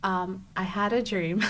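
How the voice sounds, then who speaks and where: A young adult woman, a podcast guest, telling a personal story in a casual interview, animated and acting out her own exclamations, with frequent restarts. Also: mid-range voice, a little hiss or hum.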